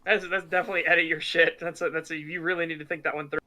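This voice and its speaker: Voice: medium pitch, little pitch movement, very fast, pushed and bright. A podcast co-host in casual chat, telling stories animatedly and acting out the quotes.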